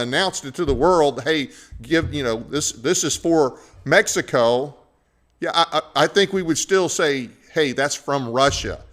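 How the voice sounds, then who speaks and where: A man's voice: a little high, a bit bright. A man hosting a political talk show, giving opinionated commentary in a conversational way with frequent fillers. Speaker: podcast host.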